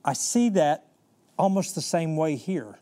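A man preaching a sermon with a voice that sits a little high for a man. He is dramatic, dropping to soft, slow lines, then surging loud and fast. He often restarts and repeats words as he builds a point. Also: lively intonation.

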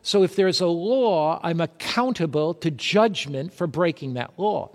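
Male preacher, higher-pitched voice, quizzes the congregation with rhetorical questions, sermon delivery, long reverb. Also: expressive, a little slow. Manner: asks rhetorical questions and reads scripture aloud.

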